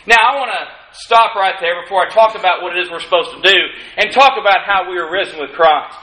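A man's voice: high-pitched, a little fast, pushed and bright. A man preaching a sermon in a folksy way, with dry humorous asides, pressing hard on key lines while the congregation answers. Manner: rises in emphasis on key lines. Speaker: pastor. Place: church sanctuary. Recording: echoey room. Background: congregation calling out amens.

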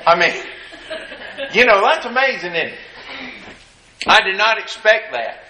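A man's voice: high voice, expressive, a little slow, pushed and bright. A man preaching a sermon, reading scripture aloud and then commenting on it in a folksy, emphatic way. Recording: roomy echo.

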